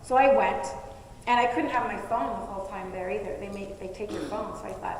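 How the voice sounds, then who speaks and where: A woman's voice: medium pitch, a little fast. A woman telling a personal story to a live audience in a chatty, self-mocking way. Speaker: speaker at a live event. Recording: echoey hall with faint noise.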